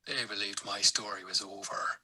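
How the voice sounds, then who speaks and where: An actor playing a grim male convict banished to Australia, in a scripted ad narration with a raspy, hushed delivery. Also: lowish voice, fairly even intonation, moderate pace, exaggerated voice, poor audio. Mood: brooding. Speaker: wine label character.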